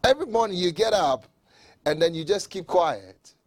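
A man preaching a sermon who acts out mocking onlookers and builds up to fervent shouting. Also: high voice, expressive, moderate pace.

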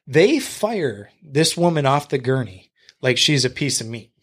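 A man's voice: mid-range voice, a little slow, husky. A man from Michigan, a podcast guest, telling stories in casual conversation, acting out what people said and swearing freely. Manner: animated storyteller who acts out what people said, swears freely.

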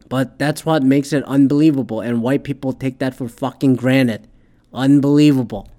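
A man hosting his own show, delivering a heated, profanity-laden opinion rant that swings between loud outbursts and quieter asides. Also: mid-range voice. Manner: heated, swears constantly, shifts loud and soft. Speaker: podcast host.

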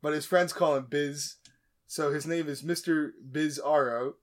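A man's voice: on the high side, fairly even intonation, a little slow. A man hosting a podcast, retelling a movie plot in a casual, joking way with plenty of asides and restarts. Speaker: podcast host. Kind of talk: casual comedic movie recap.

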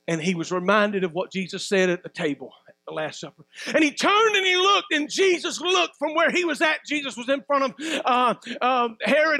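A middle-aged man preaching a sermon as pastor, shouting at times and calling for responses from the congregation. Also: very high-pitched, dry recording.

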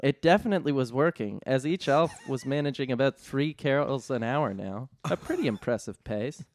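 A man reading an absurd comedy story aloud in a deadpan way, often cracking up. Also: mid-range voice, normal speed. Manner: deadpan narration, often breaking into laughter. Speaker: storyteller host.

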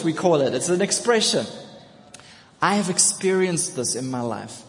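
A man preaching a sermon to his congregation, telling a story with repeated phrases and building to loud, emphatic calls. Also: fairly high pitch, expressive, normal speed. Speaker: pastor. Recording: long reverb of a large hall.

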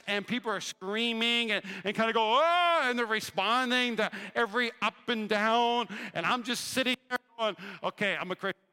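A young man preaching a sermon, telling a story with animated swings from hushed lines to shouts. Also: sits high, smooth. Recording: reverberant hall.

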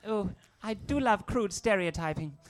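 A woman's voice: mid-range voice, expressive, normal speed, close to an everyday voice. A woman playing a kooky, whimsical henchwoman in an improvised comedy audio play, gushing and giggly. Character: kooky, dreamy, posh-sounding female henchwoman.

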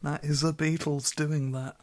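A man trading wry, dry remarks in a relaxed chat. His voice sits a little high for a man. He makes short, deadpan comebacks. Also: unhurried, no echo. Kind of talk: casual chat.

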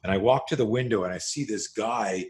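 A middle-aged self-defense instructor tells a story during an interview, his fairly low voice moving a little fast. He's a profane, animated narrator who swears freely and acts out each scene as he goes.

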